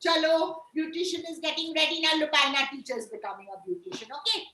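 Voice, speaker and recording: A woman teaching small children with puppets, animated and exclamatory, often checking in with "okay?". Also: high voice, quick pace, reverberant, low-quality recording. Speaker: kindergarten teacher.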